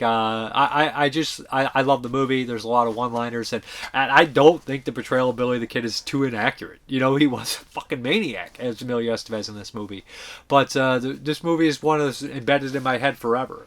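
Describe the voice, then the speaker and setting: A man's voice: mid-range voice, a little fast, a bit bright. A man hosting a casual movie review show, rambling enthusiastically, swearing freely and trailing off as he searches for words. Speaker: movie reviewer and channel host.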